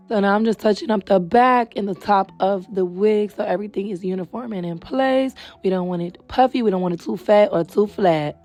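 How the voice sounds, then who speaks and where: A young adult woman hosting a casual wig tutorial, chatty and friendly with viewers, a little hoarse and short of breath. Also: medium pitch, dark tone. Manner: chatty, calls viewers girl and baby. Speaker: beauty supply wig stylist host. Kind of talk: casual tutorial talk to camera. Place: indoors at home.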